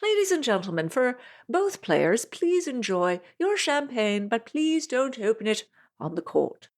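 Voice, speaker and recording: A woman's voice: on the high side, very animated, a little slow, voice pushed up. Woman putting on a prim British umpire. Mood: polite, formal. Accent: fake British. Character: prim British tennis umpire addressing a crowd.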